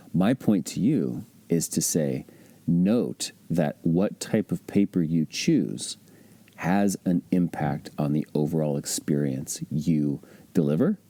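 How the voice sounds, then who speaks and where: A man's voice: low voice, warm tone, dry recording. A man teaching real estate investing in a conversational, emphatic way, often asking rhetorical questions. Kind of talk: instructional podcast talk.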